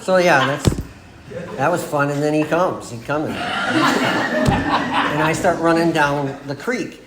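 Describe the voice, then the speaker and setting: A man's voice: fairly high pitch, moderate pace. A man in his forties telling his personal recovery story to a group, rambling and laughing at himself as he acts out what people said. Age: 40s. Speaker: AA meeting speaker. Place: meeting room. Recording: echoey room with background noise.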